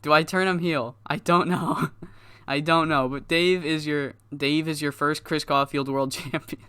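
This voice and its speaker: A man talking through his playthrough in a smooth, clean voice. The sound is close and dry, with no room around it. His delivery is casual and rambling, with plenty of swearing. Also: on the high side, fairly even intonation, unhurried, a bit bright, dry recording. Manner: loose, rambling, profane, laughs at himself. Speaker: gaming YouTuber. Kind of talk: casual game commentary.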